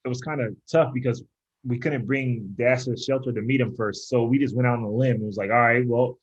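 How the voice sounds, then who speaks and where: A man's voice: medium pitch, fairly even intonation, fairly quick, husky, muffled recording. A young man, a pro athlete guest on a podcast, telling a long casual story and acting out voices in quotes, with lots of "like". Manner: rambling storyteller, heavy use of "like", acts out voices in quotes. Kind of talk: casual chat.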